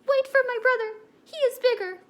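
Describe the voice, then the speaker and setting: A tiny, timid billy goat from a storybook begs in a very high, squeaky voice, as a woman puts it on. The sound is bright and loud with pleading urgency. It is a small, nervous young creature hoping to be spared. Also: normal speed, a little hiss or hum.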